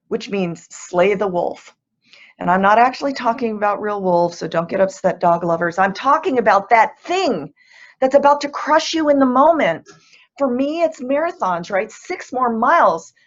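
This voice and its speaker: A woman's voice: fairly high pitch, highs cut off. Earnest woman giving upbeat webinar tips. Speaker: guest speaker. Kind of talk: motivational webinar talk.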